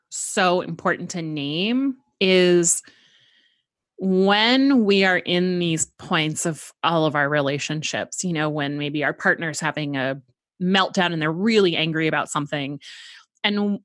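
Low-voiced woman podcast host, dry sound. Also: measured pace, a bit bright, dry recording. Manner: reflective, thinking aloud with frequent "like". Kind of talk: casual conversational interview.

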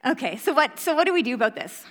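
A woman's voice: sits high, very animated, fast, fairly bright tone. A young woman, a mother, giving an earnest, conversational Bible teaching with casual fillers. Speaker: preacher. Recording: reverberant hall.

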